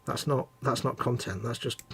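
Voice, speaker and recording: A man's voice: mid-range voice, moderate pace, creaky, slightly rough. A middle-aged man co-hosting a live stream, chatting and telling self-mocking stories. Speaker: co-host of a live hobby stream. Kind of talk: casual banter.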